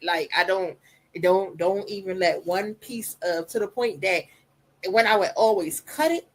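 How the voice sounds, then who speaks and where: A woman with a soft voice, talking openly as a guest on a podcast. She speaks with emphasis and tells her story animatedly, repeating phrases to drive them home. Her pitch sits in a middle range. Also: a little slow, a little hiss or hum, rough recording. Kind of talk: candid conversation.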